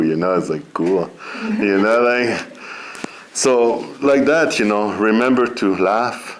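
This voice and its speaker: A middle-aged man speaking as a guest at a seminar, relaxed and conversational, often saying "you know" and laughing between points. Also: lowish voice, takes it slowly, a little hiss or hum. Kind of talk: informal spiritual talk.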